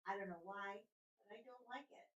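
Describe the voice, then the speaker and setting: A woman streamer and voiceover artist arguing casually, exasperated, with quick restarts. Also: medium pitch, a bit bright, roomy sound, highs cut off. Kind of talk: casual livestream chat.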